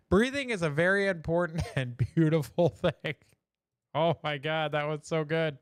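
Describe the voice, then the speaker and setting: A man's voice: on the high side, no echo, clean studio sound. A man hosting a casual live show, joking about memes in a chatty way and laughing at his own jokes. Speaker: show host.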